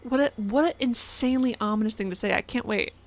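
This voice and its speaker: A young woman streamer with a fairly high voice talks at a quick pace, giving casual, exasperated commentary on her game while chatting with her audience. Noticeable background noise is present.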